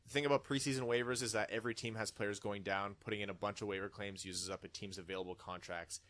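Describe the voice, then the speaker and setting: A man's voice: fairly low pitch, steady tone, quick pace, a bit bright. A man hosting a casual podcast, reading listener comments aloud in a chatty way. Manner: chatty, reads comments with put-on dramatic voices. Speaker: podcast host.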